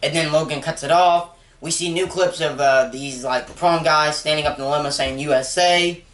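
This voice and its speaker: A young man giving a casual, rambling movie review, excitable and full of restarts. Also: on the high side, moderate pace. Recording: roomy echo.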